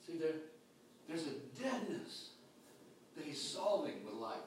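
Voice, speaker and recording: A man's voice: on the high side, animated, a little slow, distant mic. Preaching man in an echoey church. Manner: dynamic preaching, swings from loud to hushed. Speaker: pastor. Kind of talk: sermon. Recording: echoey hall picked up from afar.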